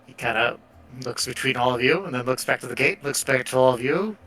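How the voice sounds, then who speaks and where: A man narrating a tabletop game as game master, relaxed and hesitant, with frequent fillers. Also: mid-range voice, brisk, gravelly.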